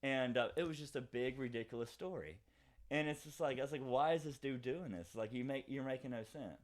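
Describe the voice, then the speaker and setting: Fast-talking young man telling a story. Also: mid-range voice. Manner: rambling, fast, many fillers and acted quotes. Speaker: podcast co-host. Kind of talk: casual storytelling chat.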